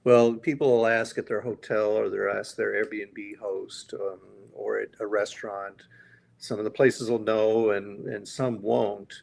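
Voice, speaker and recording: A man with a low, gravelly voice talks casually as a podcast guest. He runs bourbon tours and explains things in an easygoing way, with plenty of fillers. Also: fairly even intonation, unhurried, darkish tone. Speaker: guest, bourbon tour operator.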